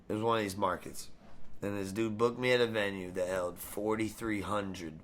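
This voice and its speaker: A man's voice: fairly low pitch, fairly even intonation, normal speed, slight background noise. A man guest in a casual interview, hyped and profane, full of slang and swearing. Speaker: musician guest.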